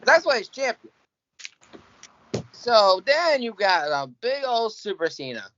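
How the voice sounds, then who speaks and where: Guy rambling slow on a podcast, bright voice that jumps all over. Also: high-pitched. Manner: rambling, laughing, lively. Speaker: podcast panelist. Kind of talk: casual chat. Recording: dry dull lo-fi audio.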